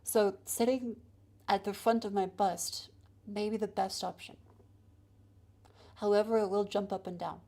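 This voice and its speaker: A woman's voice: mid-range voice, fairly even intonation, a little slow, warm tone. A woman streaming live, chatting casually and joking as she moves a handheld mic around to test it. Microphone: handheld mic moved around while testing.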